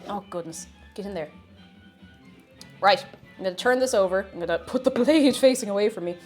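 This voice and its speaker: A woman's voice: mid-range voice, a little fast, soft background music. A young woman with a Tipperary Irish accent, chatting casually with her livestream chat while she cooks, giggling and greeting viewers. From Tipperary, Ireland. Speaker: cooking streamer.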